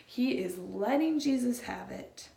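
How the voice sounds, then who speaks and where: A woman's voice: a little high, expressive, unhurried, creaky, dark tone. A young adult woman preaching a casual, chatty sermon to a congregation, emphatic and slangy. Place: large room with a congregation. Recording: roomy echo, faint room noise.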